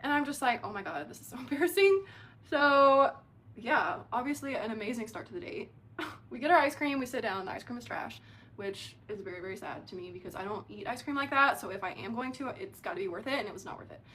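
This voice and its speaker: A young adult woman telling a dating story in a casual, animated way, with lots of "like" fillers. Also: on the high side, fast talker, slight background noise. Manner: chatty, animated, heavy use of filler "like".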